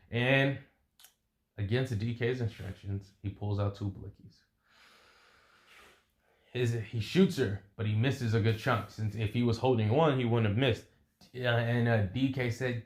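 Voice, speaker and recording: A man's voice: medium pitch, normal speed, roomy sound. Rambling young man telling a story. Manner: rambling, with vocal sound effects. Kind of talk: casual improvised storytelling.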